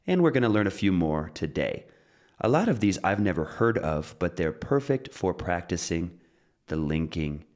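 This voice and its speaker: A man teaching an English pronunciation lesson, upbeat and explaining step by step, reading short rhymes in a steady beat. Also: low-pitched.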